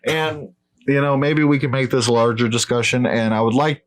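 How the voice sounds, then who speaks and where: A man's voice: mid-range voice, steady tone, normal speed. A man hosting a podcast in casual debate chat, blunt and profane, dismissing claims outright. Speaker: podcast host.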